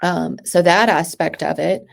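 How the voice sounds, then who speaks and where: Halting woman with a low-ish voice. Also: vocal fry. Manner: halting, with restarts and trailing-off phrases. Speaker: podcast guest. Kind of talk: emotional personal interview.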